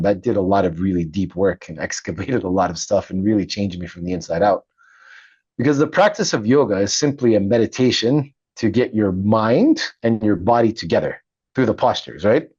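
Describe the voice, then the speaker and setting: A middle-aged man with a low, husky voice recounts his past in a relaxed interview. He talks with animated energy and laughs as he goes. The sound is dry and a little dull. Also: dry recording. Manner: animated, laughs often, acts out quoted voices. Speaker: podcast guest, Navy veteran and author. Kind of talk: casual storytelling interview.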